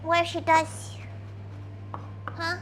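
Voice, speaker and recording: A woman's voice: extremely high pitch, completely flat delivery, takes it slowly, fairly bright tone, a little hiss or hum. A woman streaming as a VTuber, chatting casually while cooking and talking to her dog, playful and crude, referring to herself in the third person.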